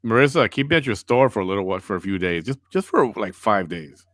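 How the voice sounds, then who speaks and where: Low-voiced wry male podcast host. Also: lively intonation, fast talker, a bit bright, dry recording, studio quality. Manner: wry, sarcastic. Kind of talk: casual chat reading viewer comments.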